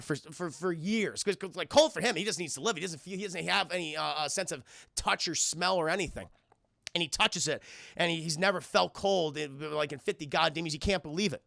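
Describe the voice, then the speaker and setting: A man's voice: on the high side, vocal fry, sharp tone, no echo, studio quality. A man reviewing a cartoon on a live stream, rambling and profane and constantly addressing his chat. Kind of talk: live-stream episode recap.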